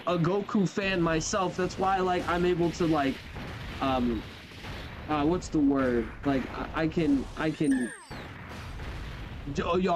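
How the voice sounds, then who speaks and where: A young man giving casual, animated commentary while playing a game, chatting loosely, saying bro and yo, and trailing off mid-sentence. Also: high-pitched, slight background noise. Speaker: gaming YouTuber. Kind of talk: casual let's-play commentary. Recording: faint game music behind.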